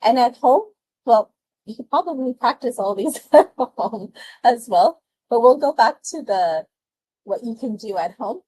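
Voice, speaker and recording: A woman presenting speaking tips in an online webinar, lively and chatty, laughing often as she talks with her hands. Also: fairly high pitch, measured pace, a little hiss or hum, low-quality recording. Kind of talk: presenting test-prep tips to an online audience.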